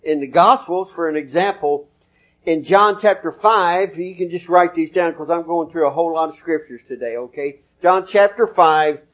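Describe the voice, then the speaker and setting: A male preacher delivers his sermon in a relaxed, folksy, conversational way, citing chapter and verse as he goes. His voice sits fairly high for a man. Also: moderate pace, dull audio.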